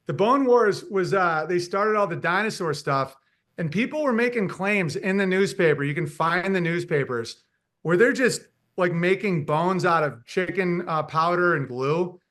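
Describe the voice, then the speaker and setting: A man with a high, bright voice holds forth in a casual podcast chat. He rambles from one point to the next, slips into mocking impressions, and laughs at his own jokes. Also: animated, normal speed.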